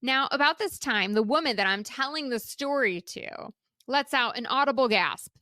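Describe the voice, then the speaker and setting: A middle-aged woman hosting a solo podcast, talking to listeners in a lively, conversational way and often asking rhetorical questions. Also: high-pitched, normal speed, no echo, clean studio sound. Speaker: podcast host and speaker coach.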